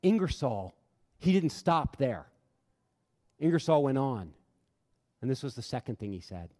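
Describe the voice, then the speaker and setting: A man's voice: mid-range voice, big pitch swings, unhurried, dark tone. A middle-aged man giving an impassioned talk to an audience as a humanist chaplain, an earnest storyteller who repeats phrases for emphasis. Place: large hall before an audience. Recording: long hall reverb.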